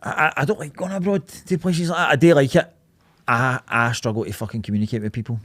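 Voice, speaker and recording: A man's voice: medium pitch, fairly even intonation, fast talker, a bit bright, no room sound. A Scottish man in his thirties co-hosting a podcast in sweary, laughing, casual banter. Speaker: podcast co-host. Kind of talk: casual chat.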